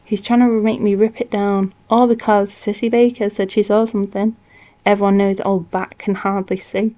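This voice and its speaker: A woman voicing a feisty, bossy older woman who argues loudly. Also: mid-range voice, flat delivery, moderate pace, lightly acted. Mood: indignant.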